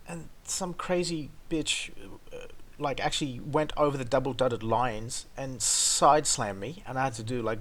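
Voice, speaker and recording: A man telling a story as a vlogger, swearing a lot and swinging between loud outbursts and low mutters. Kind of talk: casual storytelling rant.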